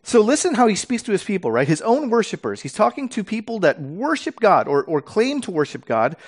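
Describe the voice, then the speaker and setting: A man preaching a sermon, reading scripture dramatically and explaining it in a casual, animated way with fillers and restarts. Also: sits high, brisk.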